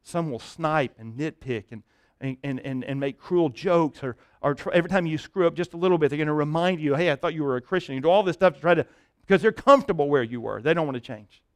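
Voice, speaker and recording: A fairly high-voiced man preaching a sermon from a pulpit. He tells the story with rising energy and falls to a soft hush at the tender parts, often stumbling over repeated words. The sound is dry and close, with no room echo. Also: fast. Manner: animated storytelling, dropping to a hush for tender moments; repeats words and restarts while thinking aloud. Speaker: pastor.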